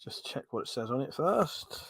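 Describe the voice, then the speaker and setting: A man's voice: mid-range voice, big pitch swings, moderate pace, creaky, heavy background noise. A man with a British accent hosting a casual live stream, chatting sarcastically, swearing freely and reading out viewer comments. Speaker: livestream host.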